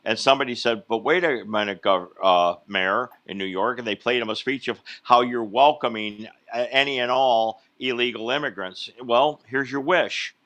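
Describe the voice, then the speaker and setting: A man's voice: mid-range voice, moderate pace, hardly any pauses, a bit bright, muffled recording. A man co-hosting a casual podcast, sardonic as he reads out numbers and news. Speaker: podcast co-host.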